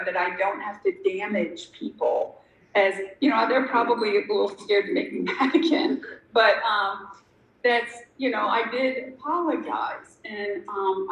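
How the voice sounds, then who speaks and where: A middle-aged woman tells her own story at a recovery meeting, candid and self-deprecating, wandering through it with plenty of ums and you-knows. Her voice has a gravelly edge. The room is echoey, with a faint hiss underneath. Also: medium pitch. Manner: candid, rambling, self-deprecating with many fillers. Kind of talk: personal sharing at a recovery meeting.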